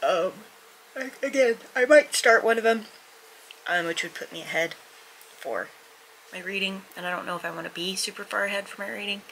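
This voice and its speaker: A woman's voice: mid-range voice, a little fast, vocal fry, fairly bright tone, a little hiss or hum, poor audio. A woman vlogging casually at home, out of breath, rambling with lots of hesitant fillers and restarts. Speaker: book vlogger. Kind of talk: casual vlog chat.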